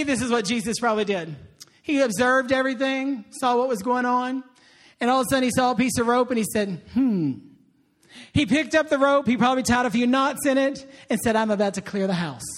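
A man preaching a sermon, lively and conversational, tossing in call-and-response asides to the congregation. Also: very high voice. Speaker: pastor.

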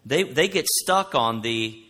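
A man preaching with a bright, forceful voice, loud and animated as he tells his stories. His voice carries through a church hall with a long reverb trailing behind each phrase. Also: medium pitch, slow. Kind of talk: sermon.

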